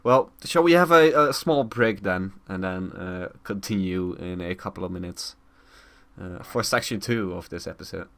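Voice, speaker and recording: A man hosting a casual gaming podcast, loose and quick to laugh. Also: low voice, fairly bright tone. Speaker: host.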